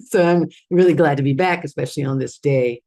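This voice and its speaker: A woman song leader speaking warmly on a video call, glad to be back. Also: deep voice, fairly quick. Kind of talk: casual chat.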